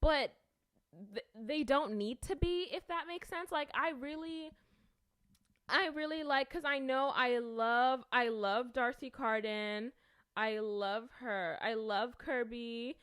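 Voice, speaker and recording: A woman's voice: fairly high pitch, slow, fairly bright tone, smooth, dry recording. A young woman rambling casually through her thoughts, with lots of fillers and restarts. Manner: chatty, filler-heavy, self-conscious, restarts often. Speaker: video creator.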